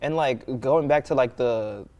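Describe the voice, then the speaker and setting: A man's voice: medium pitch, unhurried, darkish tone. A man hosting a casual interview in a college radio studio, playful and joking, rambling with fillers. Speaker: talk show host.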